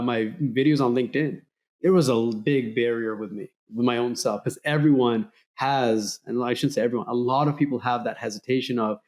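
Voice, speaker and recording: A middle-aged man hosting an interview podcast, speaking in an earnest, motivational way. His voice sits at an ordinary middle pitch, and he brings remembered conversations to life with lively emphasis. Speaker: podcast host.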